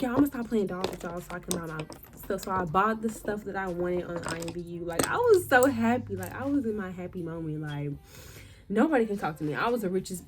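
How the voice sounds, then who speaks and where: Animated young woman telling a storytime. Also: mid-range voice. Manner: animated, slangy, acts out her own past lines. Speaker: vlogger. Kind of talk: casual storytime.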